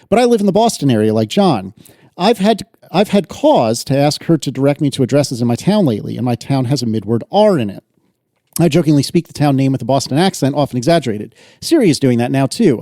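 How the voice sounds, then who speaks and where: Brief: male podcast co-host, animated pitch, dry close sound, reads mail with a grin. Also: dry recording. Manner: lively, laughs often, reads letters aloud. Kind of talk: casual tech podcast chat, reading listener mail.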